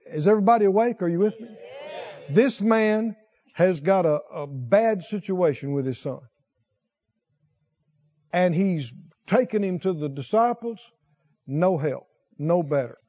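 A man's voice: expressive, dark tone, highs cut off. A man preaching a sermon, reading scripture and questioning his congregation as he goes. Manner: slow, questions the congregation, rises in pitch when stressing points.

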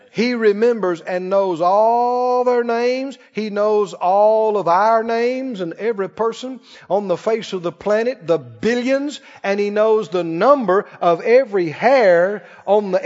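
High-voiced fervent preacher in a hall. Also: male voice. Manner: fervent preaching, swings between booming scripture and quiet asides. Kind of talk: sermon. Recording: muffled sound in a long reverberant hall.

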